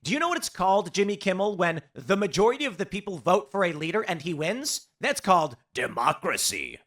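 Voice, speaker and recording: A man's voice: high-pitched, very animated, fairly quick, a bit bright. A man giving sarcastic, mocking reaction commentary as a political commentator.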